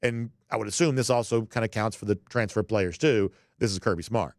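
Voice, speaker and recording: A man's voice: on the low side, fairly quick, no echo. Male sports-talk host, conversational, folksy, dry booth sound. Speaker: podcast host. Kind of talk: sports commentary monologue.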